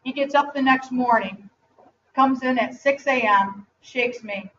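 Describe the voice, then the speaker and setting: A woman in her forties giving a motivational speech to an audience, animated, telling stories and asking the room questions. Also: high-pitched, measured pace, a little hiss or hum. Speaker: speaker at a company event. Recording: distant, dull lo-fi live recording.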